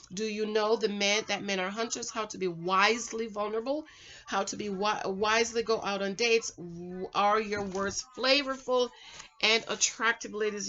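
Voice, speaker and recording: In this dull-sounding recording, a middle-aged woman with a mid-range voice chats to camera from home. She's animated and chatty, lecturing the viewer directly with preachy dating advice in a casual vlog.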